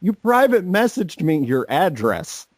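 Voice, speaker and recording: A man's voice: sits high, very animated, measured pace, no echo. A young man co-hosting a casual podcast, rambling and swearing, mocking people in put-on voices. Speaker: podcast co-host. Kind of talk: casual profane chat.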